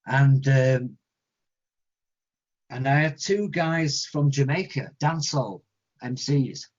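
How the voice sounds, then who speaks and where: A man with an English accent, a guest musician telling stories in an interview, animated and acting out other people's voices. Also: medium pitch, takes it slowly. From England. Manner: animated storyteller, acts out quoted voices. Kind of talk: storytelling interview answers. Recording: lo-fi muffled audio.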